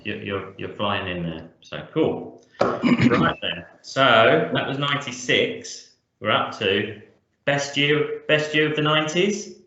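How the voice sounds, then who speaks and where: A man's voice: medium pitch, lively intonation, slow, bright, forceful tone. A man co-hosting a podcast, chatting casually and jokily about music and laughing easily. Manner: jokey, enthusiastic, laughs easily. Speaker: podcast co-host. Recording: echoey, dull lo-fi room.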